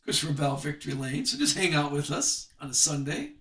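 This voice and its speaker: A man's voice: a little high, very animated, pushed and bright, echoey room, distant mic. A man hosting a live sports card break, chatting with viewers and reading off the cards as he opens packs. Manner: chatty, reads card names off quickly.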